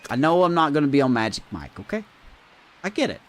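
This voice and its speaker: A man's voice: a little high, fast talker. A man streaming a baseball video game, cheering plays, ranting and chatting with his viewers. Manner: animated, cheering and ranting, talks to chat. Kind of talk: live gameplay commentary.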